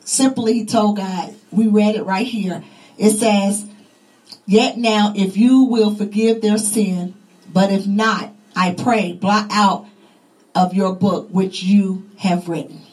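A woman's voice: mid-range voice, steady tone, slow, a little mellow, poor audio. A woman preaching a sermon, fervent and repetitive, her voice rising and falling with emphasis.

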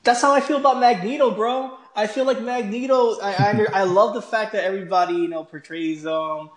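Higher-voiced man, echoey podcast chat. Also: a little fast. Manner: earnest, calls his partner "bro". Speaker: podcast co-host. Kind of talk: casual chat.

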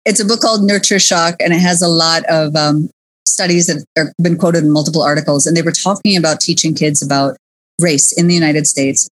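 A woman hosting a casual chat, joking and animated, dropping in Tagalog words. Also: low-pitched, fairly quick, no room sound. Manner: lively, joking, mixes in Tagalog.

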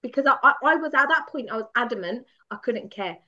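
A woman guest from the UK telling a candid story with animated, laughing self-mockery. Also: fairly high pitch, fast. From United Kingdom. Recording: dull lo-fi sound.

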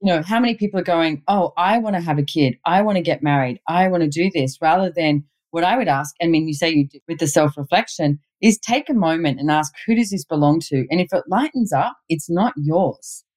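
A woman's voice: sits low, a little fast, hardly any pauses, a little mellow. A middle-aged woman, a relationship expert guest, talking candidly in casual conversation and telling personal stories. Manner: candid, storytelling, laughs easily.

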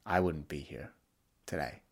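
A man's voice: rumbling low, unhurried, creaky. A young man hosting a solo podcast, talking candidly and reflectively about his feelings, with frequent restarts. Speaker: podcast host.

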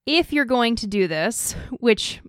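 A woman's voice: on the high side, animated, unhurried, smooth, no room sound, studio quality. A woman co-hosting a casual podcast, giving plain, direct advice. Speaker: podcast co-host.

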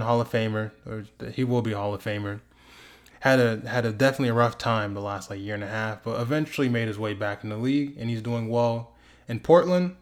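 A young man hosting his own sports talk show, ranting passionately and drawing words out for emphasis. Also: lowish voice. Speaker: host. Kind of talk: emphatic sports commentary vlog.

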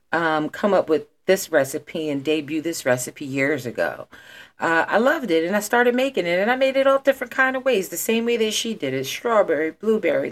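A woman hosting a podcast in a casual, rambling monologue, slangy and playful with her emphasis. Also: low voice. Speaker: podcast host.

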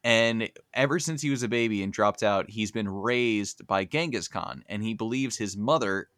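A man hosting a podcast, casually recapping a cartoon episode with animated, joking storytelling. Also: fairly low pitch, normal speed, dry recording, clean studio sound. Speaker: podcast host.

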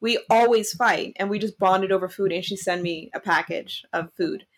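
A woman hosting an interview podcast, telling a story in an animated, excitable way. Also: medium pitch, normal speed. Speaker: podcast host. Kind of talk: casual conversational interview.

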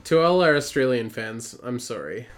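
A man's voice: medium pitch, very animated, moderate pace. A man co-hosting a podcast in casual chat, rambling and laughing through crude banter. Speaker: podcast co-host.

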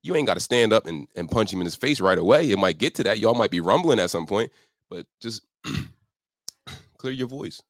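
A man's voice: lively intonation, moderate pace, no room sound, studio quality. A man, an accountability coach, talking on a podcast in an emphatic motivational way, acting out his inner voice. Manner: emphatic, acts out his inner voice in pitch jumps. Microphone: studio podcast microphone.

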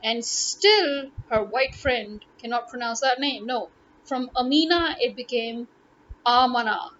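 A woman's voice: fairly high pitch, slow pace, fairly bright tone. A woman from Pakistan with a Pakistani English accent, talking casually to camera, exasperated and firing rhetorical questions. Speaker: vlogger. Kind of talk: casual opinion monologue. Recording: dull lo-fi audio with faint noise.

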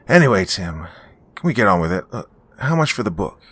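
A man voicing a gruff young monster hunter in a spoken story, blunt and curt. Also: on the low side, very animated, a little fast, fairly bright tone, dry recording, full character voice.

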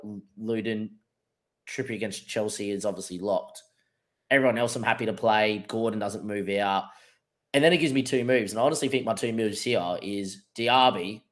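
A man co-hosting a fantasy football show, working through his options aloud in casual chat. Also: fairly low pitch. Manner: thinks aloud through options, with frequent fillers. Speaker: podcast co-host.

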